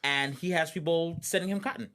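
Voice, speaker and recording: A man's voice: a little high, fairly quick, bright, forceful tone. A man co-hosting a casual comedy podcast, telling stories animatedly and repeating himself for emphasis. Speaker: podcast co-host.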